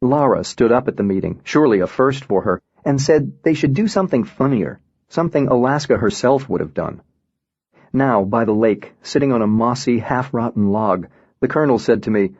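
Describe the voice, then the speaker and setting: A man reading a first-person novel aloud in an even, reflective way. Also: mid-range voice, normal speed, slightly rough, no echo. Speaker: audiobook narrator. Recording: dull, dry lo-fi recording.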